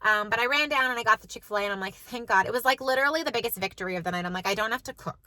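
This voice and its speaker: A woman's voice: a little high, very fast, sharp tone, no room sound, rough recording. A woman, telling a story to the camera in a chatty way, with lots of "like". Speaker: mom vlogger. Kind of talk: casual chat to camera.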